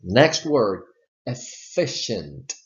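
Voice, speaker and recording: A man with a Southern US accent teaching English pronunciation, modeling words slowly and repeating them. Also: medium pitch, sing-song. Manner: slow, modeling words with exaggerated repetition. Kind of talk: slide-based pronunciation lesson. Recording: dull lo-fi recording.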